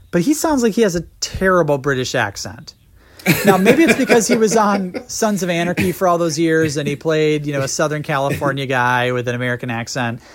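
Joking man with a slightly high voice. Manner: joking, talks in long flowing run-on sentences. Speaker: podcast co-host. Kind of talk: casual movie review chat.

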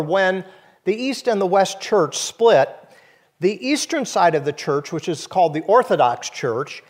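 A pastor delivers a sermon to his congregation. He is a man with a notably high-pitched voice who explains his points in an easy, conversational manner.

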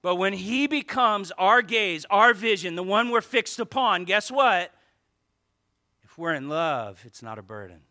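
Male pastor, sermon, high bright voice, animated and joking. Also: unhurried. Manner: animated preaching with asides and jokes to the congregation.

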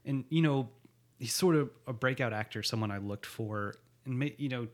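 A man's voice: mid-range voice, normal speed. A man in casual chat, recapping a TV episode with a co-host, laughing often and slipping into character voices. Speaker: podcast co-host.

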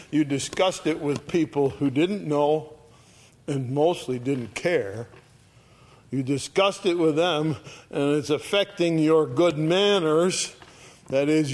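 Animated man teaching a Bible passage. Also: a little high. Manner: animated storytelling, acts out quoted voices.

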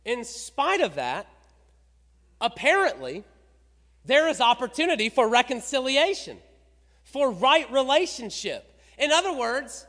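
Middle-aged male pastor, high and lively voice, sermon delivery in a big echoing church. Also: unhurried. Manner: preaching with rising emphasis, rhetorical questions. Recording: reverberant hall.

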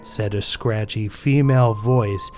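A man reading his own fiction aloud as narrator, in a measured, deliberate storytelling manner. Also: lowish voice, fairly even intonation, a little mellow, soft background music. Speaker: author and narrator.

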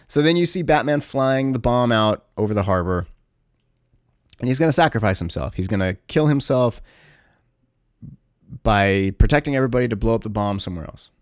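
A man's voice: mid-range voice, expressive, brisk, pauses often, clean tone, no echo, studio quality. A man casually recapping a movie plot, rambling and sarcastic with lots of fillers. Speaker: movie reviewer.

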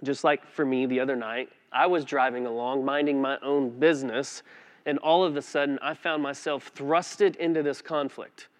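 A man preaching a sermon as pastor, telling a personal story in a conversational, animated way with frequent restarts. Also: mid-range voice, normal speed.

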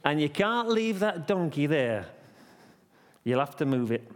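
A man voicing a sullen boy playing an innkeeper in a nativity, giving flat, curt refusals. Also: on the high side, a little slow. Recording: long church reverb.

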